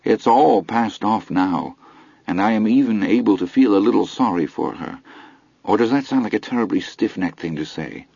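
A man's voice: on the low side, animated, normal speed, creaky, mellow, no echo, dull audio. A man voicing a proud young woman, recently fired, who speaks in a precise and dignified way. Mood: rueful.

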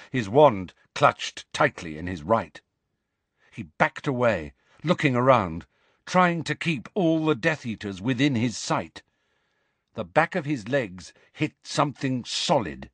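A man narrates an audiobook slowly and dramatically, his pitch rising and falling with the action. The recording is close and dry. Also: dry recording. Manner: measured, expressive, dramatic. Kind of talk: scripted narration.

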